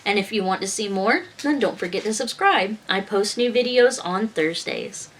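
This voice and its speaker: A woman's voice: mid-range voice, lively intonation, normal speed. A woman hosting her own video channel, giving a casual sign-off in a chatty, playful way and laughing easily. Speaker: YouTube host and writer. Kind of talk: casual vlog sign-off and bloopers.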